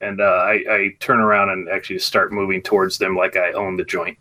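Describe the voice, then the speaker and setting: A man's voice: low voice, little pitch movement, fairly quick, sharp tone. A man playing a tabletop role-playing game, talking casually with the game master. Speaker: player.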